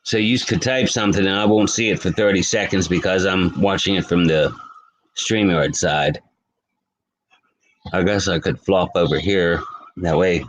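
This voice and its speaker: A man hosts a late-night live stream from home, his voice sitting a little low. He chats loosely with frequent restarts, warmly calling out viewers in the chat by name. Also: fairly even intonation, moderate pace, poor audio. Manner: chatty, greets viewers by name, rambling with restarts. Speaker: livestream host. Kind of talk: casual live-stream chat reading comments.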